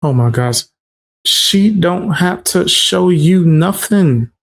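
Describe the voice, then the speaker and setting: A man's voice: high voice, lively intonation, slow, vocal fry. A man doing casual reaction commentary, blunt and scoffing, full of slang.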